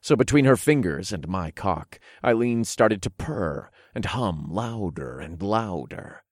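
A man narrating an erotic story in the first person, in a low, hushed, unhurried way, recorded close and dry. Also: expressive, no room sound.

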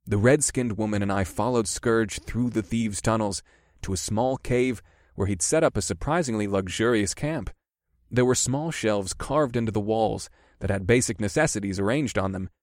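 A man narrating a first-person fantasy audiobook in a steady, measured way. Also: on the low side, dry recording, studio quality.

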